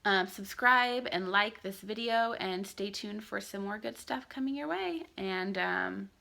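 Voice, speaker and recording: A woman's voice: mid-range voice, measured pace, creaky, sharp tone. A young woman signing off her parenting vlog, chatting to viewers with lots of "um"s. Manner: chatty, with many filler "um"s. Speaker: parenting vlogger.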